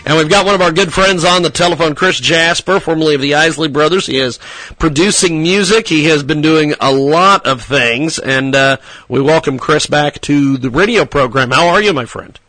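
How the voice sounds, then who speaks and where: A man's voice: fairly high pitch, normal speed, sharp tone, dry recording. A man hosting a casual radio talk show, rambling and joking to himself between segments.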